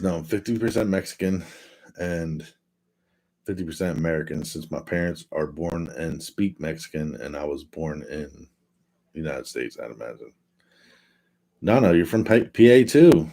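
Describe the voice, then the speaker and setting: Speaking at normal speed in a low, dark voice, this livestream host chats from inside his home. He reads out viewer comments and rambles along in a relaxed, easygoing way.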